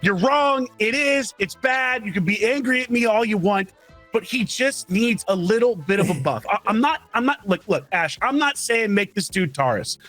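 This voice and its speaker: A man's voice: sits high, expressive, normal speed, fairly bright tone, faint music behind, low-quality recording. A man co-hosting a casual gaming chat, passionate and insistent about his opinions. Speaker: co-host of gaming channel.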